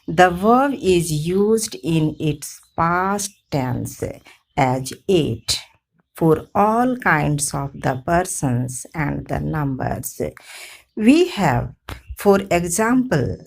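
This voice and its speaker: A woman teaching a grammar lesson, drilling example sentences in a measured, methodical way. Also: deep voice, creaky. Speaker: English teacher.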